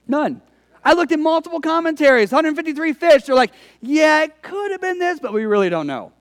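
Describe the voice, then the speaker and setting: A man's voice: very high voice, very animated, brisk, long reverb tail. A male pastor preaching a conversational sermon, telling stories with emphatic delivery.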